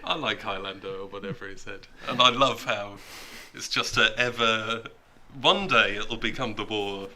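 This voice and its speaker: Dude, lowish voice, super slow deadpan jokes on a stream. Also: male voice. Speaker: co-host of a watch-party stream. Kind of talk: casual chat.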